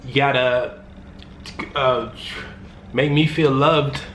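A man's voice: medium pitch, fairly even intonation, slow pace, fairly bright tone, slight background noise. Joking young man in a roomy room. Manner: joking, rambling, loose slangy talk. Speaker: YouTuber answering fan questions. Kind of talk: casual Q&A vlog. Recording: roomy room with faint ambience.

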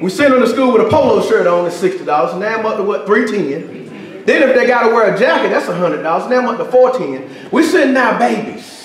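A man preaching a sermon with emphatic call-and-response, often rising to a shout. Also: sits high, expressive, fast. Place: church sanctuary. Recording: echoey church with congregation. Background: congregation responding.

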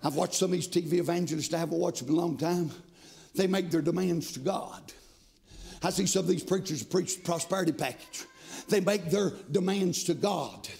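A man preaching a fiery sermon in a church, shouting in a sing-song cadence with frequent amens. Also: on the high side, brisk, gravelly. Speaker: pastor. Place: church sanctuary.

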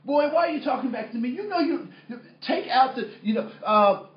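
Trainer putting on a stern dad, exasperated and loud, pitched high; echoey, dull room sound. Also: male voice, lively intonation, a little fast. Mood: scolding. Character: stern scolding father, exasperated.

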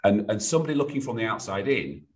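A middle-aged man with a British accent and a very low voice talks through business stories on a podcast. He tells them with life, slipping into the voices of clients and colleagues. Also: fast. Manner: animated storyteller, acts out clients' voices. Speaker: business sounding board. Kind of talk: podcast interview guest.

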